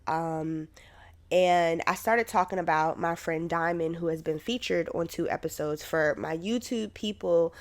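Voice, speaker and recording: A woman's voice: lowish voice, measured pace. A young woman hosting her own podcast in a loose, chatty way, swearing casually, her voice still worn from being sick. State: recovering from covid, voice still sick. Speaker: podcast host. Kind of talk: casual solo podcast talk.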